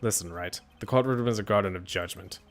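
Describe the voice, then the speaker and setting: A man voicing a calm, stern male prosecutor who speaks in a low, measured, formal way. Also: faint music behind, lightly acted. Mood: grave.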